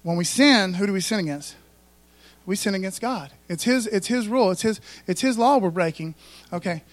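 A man's voice: high voice, moderate pace, no echo. A man preaching a sermon in a folksy, conversational way, full of asides to the congregation. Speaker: pastor.

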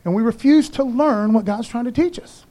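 A man's voice: very high voice, moderate pace, mellow. A man preaching a casual, slangy sermon and acting out voices of the people in his story. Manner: laid-back slangy preaching, acts out voices.

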